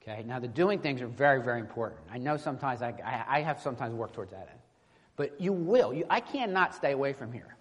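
A man preaches through a scripture passage in an easy, conversational way, stumbling over restarts and often asking his congregation "right?". His voice is mid-pitched. It rings out with a long reverb in a church sanctuary. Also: animated, fast talker, breathy edge. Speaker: pastor. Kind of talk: expository sermon with scripture reading.

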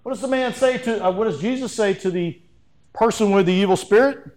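A middle-aged man preaching a sermon as pastor, in a lively, conversational way with frequent restarts. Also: sits high, a little fast.

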